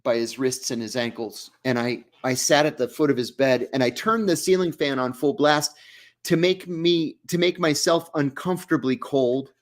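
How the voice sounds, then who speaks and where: A man's voice: medium pitch, moderate pace. A man, an interview guest, telling a story in vivid first person and acting out the dialogue.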